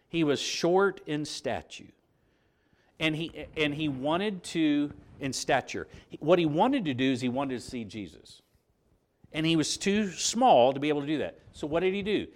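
A man preaching a conversational sermon, halting and circling back mid-sentence, often putting rhetorical questions to his listeners. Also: on the high side, expressive.

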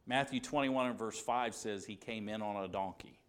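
A man's voice: fairly low pitch, normal speed, clear, resonant tone. A man preaching a sermon at a church service, emphatic and repeating key phrases, acting out quoted dialogue with drama.

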